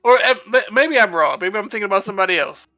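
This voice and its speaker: A man's voice: high-pitched, expressive, fast, pushed and bright, no echo, dull audio, faint music behind. A man playing a tabletop game, chatting casually and rambling with many restarts. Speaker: player.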